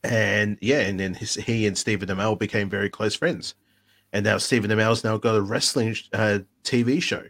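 A man co-hosting a casual live-stream podcast speaks in a fairly low voice. He rambles, often restarting and repeating himself, as he feels his way through a thought. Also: fairly even intonation, normal speed, a bit bright. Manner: rambling, with frequent restarts and fillers. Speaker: podcast co-host.

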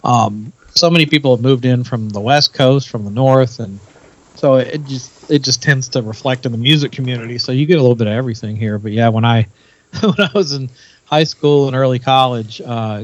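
A man's voice: mid-range voice, no echo, dull audio. A man from Nashville with no regional accent, chatting casually as a podcast guest, rambling and laughing as he goes. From Nashville, Tennessee. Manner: rambling, laughs often, restarts sentences. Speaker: podcast guest, event founder.

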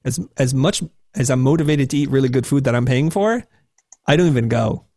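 A man in his forties, a guest telling candid stories in a self-deprecating, animated way, jumping up high when he acts out his past self. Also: fairly quick, no room sound, clean studio sound. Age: 40s. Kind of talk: candid conversational storytelling.

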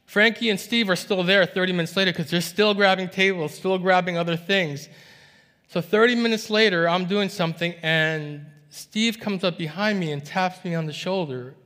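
A man preaching a sermon, telling a story to his church in a relaxed, conversational way. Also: sits high, normal speed. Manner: conversational, recounting dialogue. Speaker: pastor. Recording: reverberant hall sound.

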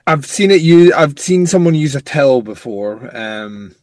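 A man's voice: a little high, lively intonation, normal speed, a little mellow, no room sound. Wry man, dry close mic. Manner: wry, joking asides. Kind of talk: casual podcast chat.

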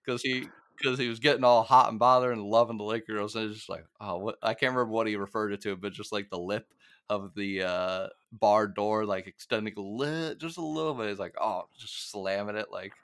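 A man's voice: on the low side, steady tone, brisk, fairly bright tone, smooth, dry recording, studio quality. A young man co-hosting a podcast, recapping a TV episode in casual, rambling chat with many fillers and frequent laughs. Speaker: podcast co-host.

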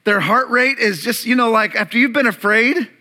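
High, bright-voiced animated man preaching. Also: normal speed. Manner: animated preaching, acts out disciples' panic and Jesus' calm. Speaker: pastor. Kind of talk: sermon. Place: church room.

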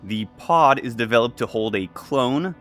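A man running a tabletop game as game master, narrating in a halting way with lots of fillers. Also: mid-range voice, expressive, a bit bright, soft background music.

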